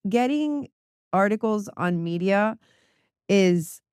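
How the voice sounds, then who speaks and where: A woman's voice: mid-range voice, expressive, slow pace, a little mellow, clear, resonant tone, no room sound, studio quality. A woman, a music publicist and podcast guest, talking in a chatty way with many fillers. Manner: chatty, filler-heavy, says "like" often. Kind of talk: casual podcast conversation.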